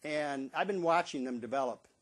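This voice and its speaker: Older man with a slightly high voice, telling animated stories. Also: normal speed. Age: 70s. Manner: animated storyteller who acts out quotes in a raised voice. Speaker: stadium bugler. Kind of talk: casual storytelling monologue.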